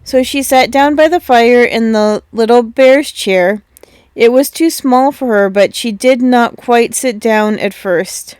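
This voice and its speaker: Lady reading a kids story, gentle and measured, higher voice, super dry clean sound. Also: clean tone, no echo.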